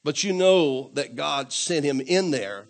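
A man with a notably high voice delivers a church sermon. He calls on the congregation for amens and repeats his points, swelling to emphatic declarations. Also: lively intonation, slow. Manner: call-and-response preaching, asks congregation to say amen; repetitive, emphatic, rising to louder declarations. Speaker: preacher.

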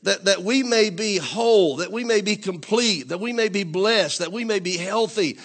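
Male preacher, high-pitched voice, call-and-response sermon style, repetitive and emphatic, church setting. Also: moderate pace. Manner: call-and-response preaching, asks congregation to say amen; repetitive, emphatic, rising to louder declarations.

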